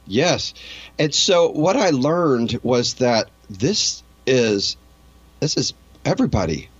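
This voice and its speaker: A man's voice: medium pitch, sing-song, takes it slowly, slightly rough, no echo, dull audio. A man being interviewed, telling a personal story in an earnest, emotional way and often restarting his sentences. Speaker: interview guest.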